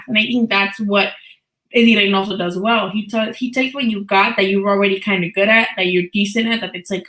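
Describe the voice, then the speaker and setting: A woman's voice: on the high side, pushed and bright, roomy sound, rough recording. A woman in her thirties hosting a live boxing talk stream, chatting casually and bluntly, swearing freely and laughing often.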